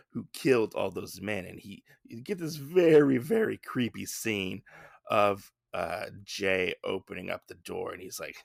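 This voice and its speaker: Gravelly, low-voiced male podcast host. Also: dry recording, studio quality. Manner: rambling, with many fillers and asides. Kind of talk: casual comic book recap.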